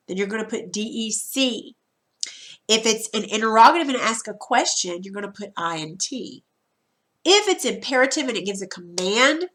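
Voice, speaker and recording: A woman's voice: a little high, a bit bright. A woman teacher talking students through a recorded grammar lesson, chatty and informal, repeating herself and restarting as she explains.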